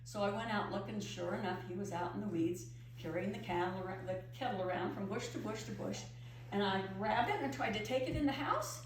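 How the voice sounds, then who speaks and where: A middle-aged woman telling a story in first person as a pioneer woman, expressive and emotive. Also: medium pitch, a little fast. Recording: echoey room from far off with faint hum.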